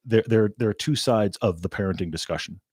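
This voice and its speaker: A man's voice: on the low side, fairly quick, a little mellow, breathy edge, no room sound, studio quality. A man co-hosting a live-streamed car podcast, chatting casually and teasing his co-host.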